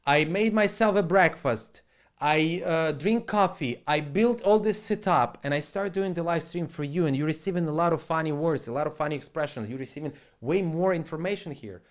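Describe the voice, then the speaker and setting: A man's voice: on the high side, normal speed. A man on a casual live stream at his home setup, rambling bluntly and with plenty of swearing, in broken English.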